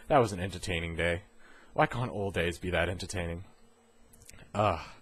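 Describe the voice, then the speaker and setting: Husky laughing gaming vlogger man. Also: sits low, moderate pace, long pauses. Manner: laughs often, mocking asides in put-on voices. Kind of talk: casual vlog monologue.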